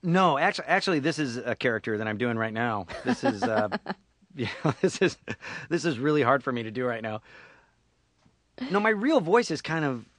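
A voice actor in his forties is a guest on a radio interview, chatting playfully and laughing often. His mid-range voice is very animated and fairly bright at a moderate pace, picked up on a studio microphone with clean sound and no room noise.

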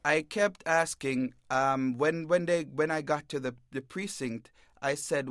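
Male reporter guest, halting and stammering, plain mid voice, dry studio sound. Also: on the high side, fairly bright tone, dry recording. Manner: halting, repeats words, stammers. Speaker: newspaper reporter, interview guest. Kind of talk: emotional first-person account. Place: radio bureau studio.

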